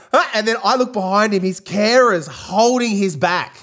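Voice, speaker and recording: Lively man telling stories. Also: high voice, a little slow. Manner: lively storyteller who acts out shrieks. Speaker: podcast host. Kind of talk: casual chat.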